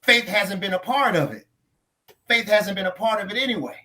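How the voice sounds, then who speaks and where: A man's voice: sits high, animated, brisk, pushed and bright. A man talking about faith on a church talk show after a sermon, emphatic and preacherly, repeating his key lines. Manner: trains others in tone and inflection. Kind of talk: casual faith discussion.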